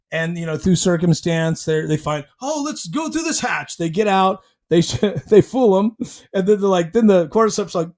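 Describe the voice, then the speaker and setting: A man hosting his own show, rambling through an animated retelling of a TV episode and growling out sound effects. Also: high-pitched. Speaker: host. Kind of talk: casual recap and commentary.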